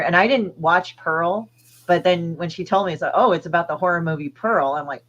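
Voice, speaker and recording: A woman's voice: fairly low pitch, a little fast, lo-fi sound, a little hiss or hum. A woman comic artist as an interview guest, chatting casually and crudely with lots of fillers. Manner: rambling, crude, hesitant fillers.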